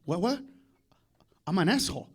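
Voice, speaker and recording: A comedian voicing his blunt, foul-mouthed father with a gruff, lowered voice. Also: expressive, quick pace.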